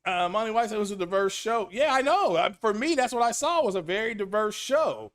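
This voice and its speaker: A man with a fairly high voice talks loosely and animatedly, circling back over his points and repeating lines for emphasis. He sounds middle-aged and speaks as the host of his own casual gaming stream, reacting to chat as he goes. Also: brisk. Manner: animated, rambling, repeats himself, reads chat names aloud. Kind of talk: casual solo stream commentary.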